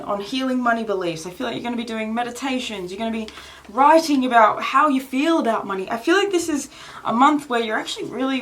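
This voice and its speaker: A woman's voice: a little high, slight background noise. A woman from Australia giving a casual tarot reading, rambling and swearing freely with frequent laughs and filler words. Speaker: tarot reader.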